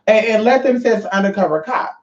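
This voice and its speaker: A woman's voice: mid-range voice, lively intonation, a little fast, a little mellow. A woman vlogger talking to her viewers in a brash, profane, rambling rant. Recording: roomy, dull lo-fi sound.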